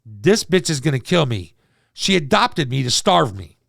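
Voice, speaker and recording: A man's voice: on the high side, very animated, normal speed, vocal fry, a bit bright, no echo, studio quality, exaggerated voice. A man doing a fed-up hungry mutt. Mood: relieved.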